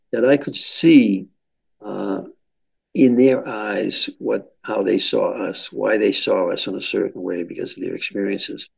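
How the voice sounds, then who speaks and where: Gravelly older man with a Boston accent. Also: low-pitched, poor audio. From Boston, USA. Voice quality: gravelly, husky. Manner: measured, hesitant with many fillers. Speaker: interview guest. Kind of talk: reflective interview answer.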